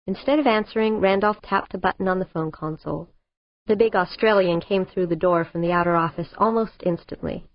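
A woman narrating an audiobook in a steady, even reading. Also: lowish voice, normal speed, creaky, dry recording. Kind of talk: scripted narration. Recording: dull lo-fi dry recording.

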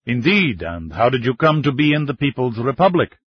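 Gracious cardinal, polite and even, voiced by a man, husky, dry lo-fi. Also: mid-range voice, brisk, no echo. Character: warm older male cardinal, gracious host. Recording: dull lo-fi dry recording.

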